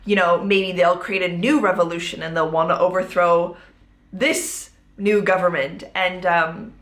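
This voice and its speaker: A woman's voice: fairly low pitch, fairly even intonation, a little slow, fairly bright tone. A woman hosting a casual storytime podcast, talking in a chatty way with lots of "like". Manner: chatty, fills speech with "like". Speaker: podcast host. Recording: roomy echo.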